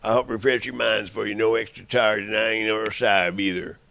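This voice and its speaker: A man's voice: lowish voice, flat delivery, normal speed, gravelly, fairly bright tone. A man in an angry, rambling monologue, cursing and making threats at the people he addresses.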